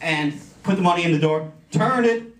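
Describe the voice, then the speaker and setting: A man with a fairly high voice tells a funny story at a speech contest, animated and lively. He is recorded from a distance in a large, echoey convention hall with the audience laughing along. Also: moderate pace. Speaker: contest speaker. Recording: echoey hall, mic from far off.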